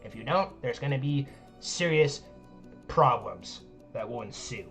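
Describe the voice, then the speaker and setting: A man's voice: medium pitch, expressive, a little slow, gravelly, fairly bright tone, faint music behind. A man hosting a live chess tournament stream in casual chat, rambling with lots of "like" fillers and joking at his own expense. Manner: rambling, heavy use of "like" fillers; joking, self-deprecating.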